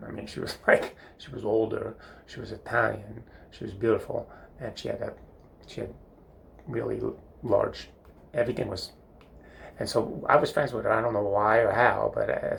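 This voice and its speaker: Recorded in a bathroom, this older comedic storyteller wanders through funny tales from his school years, filling them with fillers and self-amused laughs. He speaks at a moderate pace with a lowish, steady voice and some vocal fry.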